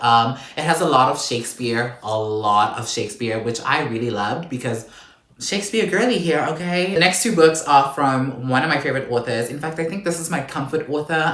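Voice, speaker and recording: A man's voice: medium pitch, a bit bright. A man chatting casually about his book pickups in a playful, exclamatory, campy way, full of asides. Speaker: book vlogger. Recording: roomy echo.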